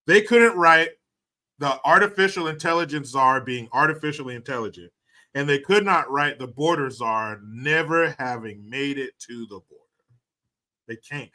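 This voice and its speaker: A man's voice: mid-range voice, moderate pace, bright, forceful tone. A man hosting a casual livestream, ranting sarcastically and thanking viewers for donations. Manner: sarcastic, mocking rants with profanity. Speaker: livestream host reading donations.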